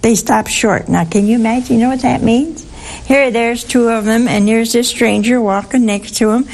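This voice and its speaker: A woman's voice: on the high side, steady tone, moderate pace, darkish tone. A woman giving an informal Bible teaching to a group, talking conversationally and often putting questions to her listeners.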